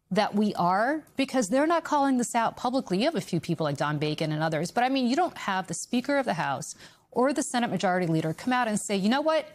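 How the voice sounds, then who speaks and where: A woman political strategist speaking as a guest on a cable news interview, emphatic and given to repeating phrases for stress. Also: medium pitch.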